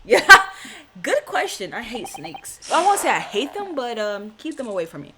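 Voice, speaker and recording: A woman's voice: on the high side, very animated, normal speed, background noise. A woman giving casual, chatty commentary on a game playthrough, with frequent laughing asides, over game music. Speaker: let's player.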